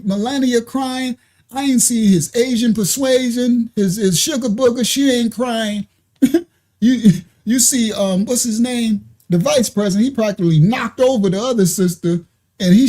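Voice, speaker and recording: This livestream host has a fairly high, warm voice. She reacts live from her computer with her screen shared, keeping it chatty and mocking, laughing frequently and dropping lots of slang.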